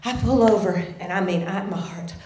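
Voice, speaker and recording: A woman telling a personal story at a live story slam, animated and swinging from hushed tones to loud outbursts. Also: on the low side, normal speed, reverberant. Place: theater stage.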